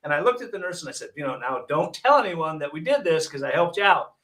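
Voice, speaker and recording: A man's voice: fairly high pitch, fast, far from the mic. A man from Michigan, a hypnotist and paramedic, telling an anecdote casually and acting out the dialogue with wry jokes. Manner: animated storyteller, acts out dialogue with wry jokes. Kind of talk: casual storytelling.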